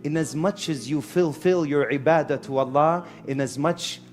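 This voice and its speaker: A man preaching a lively sermon to a live audience in a hall, mixing Arabic phrases into his English. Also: on the high side, moderate pace, soft background music. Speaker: Islamic preacher. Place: hall with a sound system and echo.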